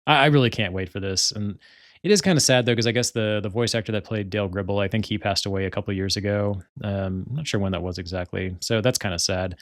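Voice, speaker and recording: With no room sound and clean studio audio, a young solo podcaster talks fast in a fairly low voice. He chats casually, wanders from point to point, uses lots of filler words, and laughs a lot.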